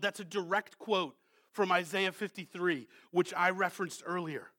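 High-voiced, bright preacher man. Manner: swings from hushed, intimate questions to loud emphatic exhortation; slows down to read scripture with weight. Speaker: pastor. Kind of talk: sermon.

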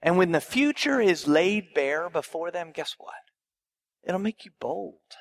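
A pastor delivers a sermon in a fairly high, gravelly voice. He builds his points through repetition and rhetorical questions and presses them home with emphasis. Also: animated, measured pace.

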